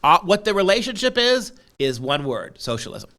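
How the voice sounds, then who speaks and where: A man hosting a talk show in a bright, forceful voice with lively pitch swings. He is theatrical and indignant, driving home his points with heavy emphasis. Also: normal speed. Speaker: show host. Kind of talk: casual political commentary chat.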